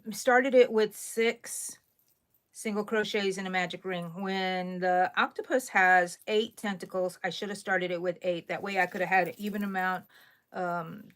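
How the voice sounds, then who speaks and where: In a lowish, slightly bright voice with a Texan accent, a woman running a crochet channel chats and rambles while reading comments from viewers during a live stream. She's tired and yawns as she goes.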